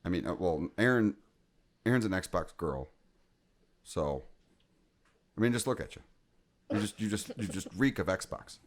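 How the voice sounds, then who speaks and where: A man's voice: deep voice, lively intonation, a little slow, long pauses. A man co-hosting a gaming podcast in casual chat, rambling and joking, often breaking off mid-sentence. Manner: rambling, self-interrupting, joking. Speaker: podcast co-host.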